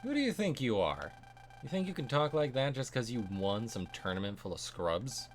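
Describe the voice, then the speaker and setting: A man voicing a brash, hot-headed male alien wizard from a video game, loud and combative. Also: mid-range voice, very animated, moderate pace, a little hiss or hum, close to an everyday voice. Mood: angry.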